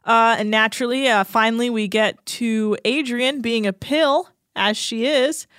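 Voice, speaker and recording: A woman's voice: fairly high pitch, steady tone, measured pace, a bit bright, no echo, studio quality. A young adult woman co-hosting a podcast, recapping a reality show in a chatty, sarcastic way with lots of fillers. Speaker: podcast co-host.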